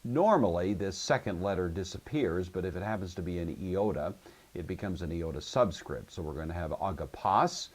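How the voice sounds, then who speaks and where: A Greek teacher with a low-pitched, animated voice gives a recorded lecture on Greek grammar at a moderate pace. He patiently explains each rule step by step and checks that his students are following.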